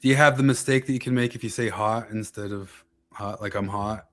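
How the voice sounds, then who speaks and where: A man co-hosting a casual podcast chat in an offhand, relaxed manner. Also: lowish voice, fairly quick. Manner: relaxed, offhand, many fillers like "um" and "you know". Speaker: podcast co-host.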